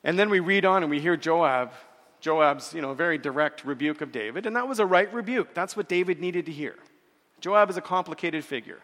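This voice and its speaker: Earnest preacher, slightly high voice. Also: male voice, animated, a bit bright, big-room sound. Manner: earnest preaching, repeats words, slows for scripture quotes. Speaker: pastor. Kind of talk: sermon.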